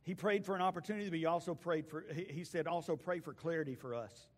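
A man, a pastor giving a folksy, storytelling sermon that swings between loud calls and hushed asides. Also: a little high, fast. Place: church sanctuary. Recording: long hall reverb.

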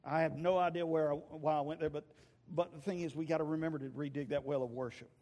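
A man preaches from the pulpit, slipping into voices and loud outbursts as he tells a story. His voice sits a little high for a man, and it rings through a large church with a long reverb trailing every line. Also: fairly even intonation, quick pace. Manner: storytelling preacher acting out voices, shouting at peaks. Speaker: pastor. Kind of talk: sermon. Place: church sanctuary.

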